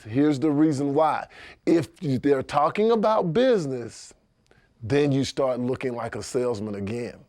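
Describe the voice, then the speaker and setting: Energetic man teaching sales technique. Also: a little high, no room sound. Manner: energetic, acts out customer dialogue in animated voices. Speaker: sales trainer. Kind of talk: instructional sales training talk.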